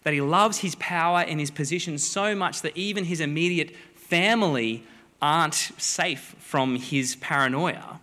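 A man preaching a sermon, a lively, joking storyteller who acts out the people in the story. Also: on the high side, measured pace. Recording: long hall reverb.

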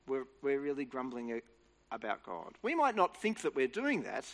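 A man's voice: medium pitch, huge pitch swings, normal speed. A man giving an earnest, explanatory Bible teaching talk, restarting phrases as he goes. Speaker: preacher. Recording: reverberant hall.

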